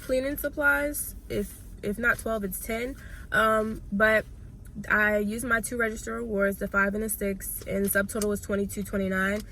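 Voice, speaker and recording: A young woman who is a little sick chats casually with her viewers from a parked car, speaking to them directly. Her medium-pitched voice is level, bright, and forceful at a moderate pace, with a little hiss or hum, as this couponing vlogger tallies her shopping finds aloud.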